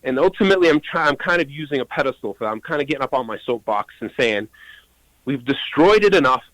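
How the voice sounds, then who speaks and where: A man's voice: medium pitch, rapid-fire, fairly bright tone, no room sound, low-quality recording. Male puppeteer interviewee; eager and talkative, recorded dry. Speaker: puppeteer guest. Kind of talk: interview answers.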